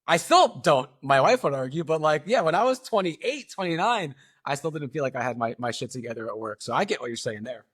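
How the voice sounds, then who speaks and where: A man's voice: medium pitch, fairly bright tone. A man around forty co-hosting a podcast, thinking aloud with frequent fillers like "like" and "uh". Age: late 30s to early 40s. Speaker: podcast co-host. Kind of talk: casual opinion chat.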